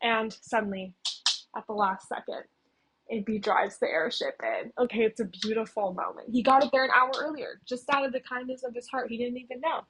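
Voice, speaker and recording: A woman's voice: fairly high pitch, steady tone, brisk, fairly bright tone, slight background noise, poor audio. A young woman recapping a game's story in a casual, chatty way, scattering "like" and "okay?" through her talk.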